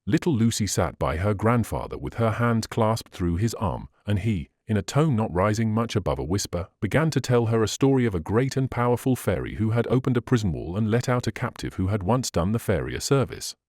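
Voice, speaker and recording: A man narrating a classic novel in an expressive reading style. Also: fairly low pitch, a little fast, few pauses, dry recording, studio quality. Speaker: audiobook narrator.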